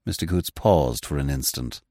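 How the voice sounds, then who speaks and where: A man reading a classic comic novel aloud in measured, expressive narration. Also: a bass voice, no echo, studio quality. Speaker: audiobook reader.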